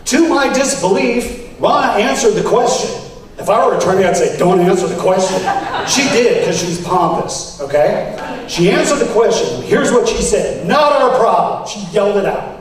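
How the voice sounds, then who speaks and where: A man with a somewhat high voice gives an animated campaign speech to convention delegates, acting out the exchanges he retells. He sounds far from the mic in a very echoey hall, with faint background noise. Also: moderate pace. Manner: animated, acts out quoted exchanges. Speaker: political candidate.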